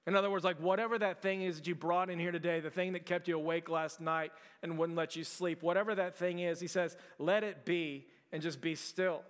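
Male pastor, high voice, casual sermon delivery with frequent restarts, long church reverb. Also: level tone, fast talker, few pauses, clean tone. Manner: conversational, repeats words, frequent fillers and restarts. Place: large church hall.

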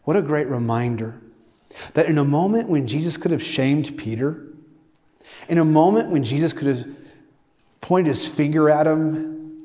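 A man preaching a sermon as a pastor, building intensity with emphatic, drawn-out phrases. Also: medium pitch, animated, a little mellow. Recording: long hall reverb.

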